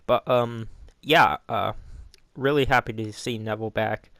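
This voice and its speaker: A man's voice: on the low side, steady tone, measured pace, a bit bright, no room sound, studio quality. A man giving a casual, rambling recap of a wrestling show, often stopping to correct himself. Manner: rambling, self-correcting, loose and informal. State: hiccups.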